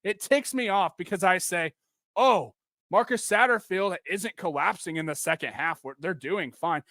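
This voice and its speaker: A man's voice: high voice, moderate pace, fairly bright tone, dry recording, studio quality. A man in his twenties hosting a solo sports podcast, venting with frustration and emphatic bursts. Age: 20s. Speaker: podcast host and football coach.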